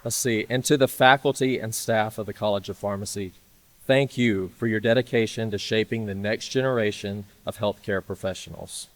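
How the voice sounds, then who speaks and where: A man giving a measured, formal address at a ceremony. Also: on the low side, fairly even intonation.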